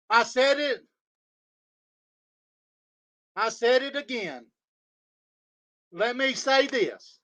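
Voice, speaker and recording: Guy going off on a livestream, high tense voice, cussing nonstop and repeating himself. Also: animated, slow pace, fairly bright tone. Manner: profane, heated, repetitive insults. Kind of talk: angry livestream rant. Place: home studio.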